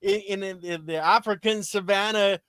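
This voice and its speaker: A man's voice: high voice, wildly swooping pitch, normal speed, vocal fry, a bit bright, clean tone, dry recording, clean studio sound. A man co-hosting a gardening livestream, chatting casually and explaining things in plain everyday terms.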